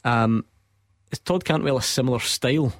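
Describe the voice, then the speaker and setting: A man's voice: medium pitch, moderate pace, no echo. A man hosting a sports radio phone-in, chatty and jokey, often breaking into laughter.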